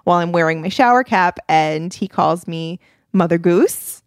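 A woman's voice: lowish voice, normal speed, no room sound. Young woman, podcast co-host, casual chat, self-mocking, frequent laughs, dry recording.

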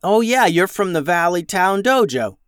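Male narrator as excitable scatterbrained young guy, raised pitch, hesitant. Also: normal speed, clean tone, dry recording, clean studio sound. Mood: excited. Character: scatterbrained young man with pet lion.

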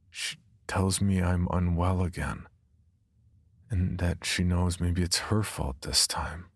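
A man narrating a first-person horror story in a subdued, brooding way, with a husky, gravelly voice. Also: deep voice, no room sound.

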